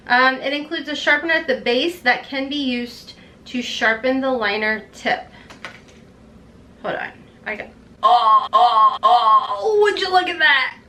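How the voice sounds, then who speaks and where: Gushing high-voiced woman vlogger. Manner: gushing, excitable, chatty. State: overtired. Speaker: beauty vlogger. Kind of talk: unboxing vlog.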